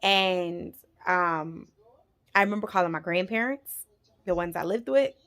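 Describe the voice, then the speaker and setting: A woman in her twenties telling a personal story on her vlog, animated and emphatic, with frequent swearing. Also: fairly low pitch, measured pace. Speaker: vlogger.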